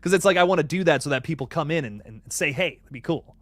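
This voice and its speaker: A young man hosts a casual live stream in a fairly high voice. He rambles excitably, full of fillers and restarts. The sound is dry and close, with no room around it. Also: fast talker, dry recording. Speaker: horror news streamer.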